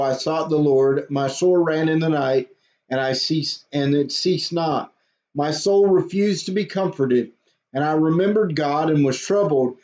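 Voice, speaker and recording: Pastor, high male voice, reads a psalm then explains it plainly; dull lo-fi sound. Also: a little mellow. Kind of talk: devotional Bible reading and commentary. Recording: dull lo-fi audio.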